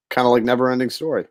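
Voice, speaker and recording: A laid-back man chatting on a podcast, tossing in "dude" often. His voice is mid-pitched and recorded dry, with no room sound. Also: no room sound. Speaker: podcast co-host. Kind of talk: casual chat.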